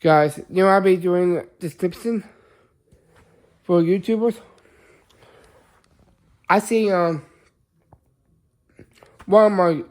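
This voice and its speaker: Chatting casually to camera, this male vlogger rambles along, often breaking off to restart or fix what he's saying. He has a high, slightly mellow voice.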